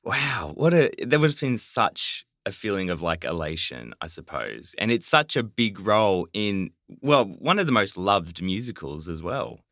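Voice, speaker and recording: A man's voice: lowish voice, very animated, moderate pace, few pauses, a bit bright, no room sound, studio quality. A man hosting a theatre podcast interview, reacting with enthusiasm. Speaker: podcast host. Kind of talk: casual interview chat.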